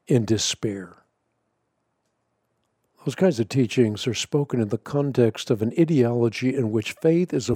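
A man giving a scripted teaching on prayer, measured and earnest, leaning hard on key words. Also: mid-range voice, warm tone, no room sound, studio quality. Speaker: Christian teacher.

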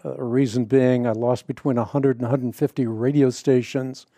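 A man's voice: medium pitch, steady tone, moderate pace, dark tone, dry recording. A middle-aged man who hosts a radio show, talking earnestly and fluently, telling stories in conversation. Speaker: radio host. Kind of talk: conversational interview.

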